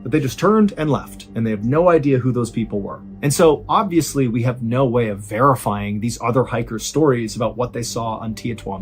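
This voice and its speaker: A man hosting and narrating true scary stories in a suspenseful, conversational way, slowing down for emphasis. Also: mid-range voice. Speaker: storyteller host. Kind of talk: dramatic true-story narration.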